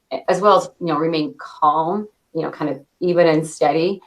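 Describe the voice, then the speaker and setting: A woman in her thirties, a company director answering interview questions with a quick cadence and frequent light laughs. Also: fairly low pitch. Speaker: interview guest, product launch director.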